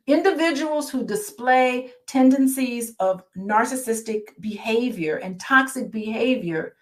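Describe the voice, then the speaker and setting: A woman with a fairly high voice, speaking as a therapist. She reads from a book and then breaks off to explain it in a relaxed, conversational way. She keeps turning to her listeners to check that they are following. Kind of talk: reading a book aloud and commenting.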